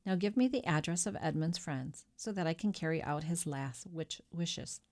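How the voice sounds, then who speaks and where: A woman voicing a calm, measured male priest who speaks formally. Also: on the low side, natural voice.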